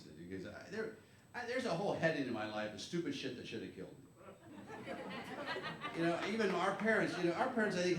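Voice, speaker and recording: A man in his fifties from the United States doing a stand-up comedy set, telling rambling, wry stories and shouting his punchlines. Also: mid-range voice. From USA. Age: 50s. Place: comedy club stage. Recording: echoey live club, clear background noise.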